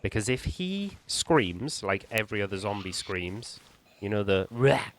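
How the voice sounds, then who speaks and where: A man hosting a gaming channel, calmly talking the viewer through a survival game, explaining tactics with small restarts. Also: fairly low pitch, measured pace, heavy background noise. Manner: calm, explanatory, hedging with restarts. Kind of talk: gameplay walkthrough commentary.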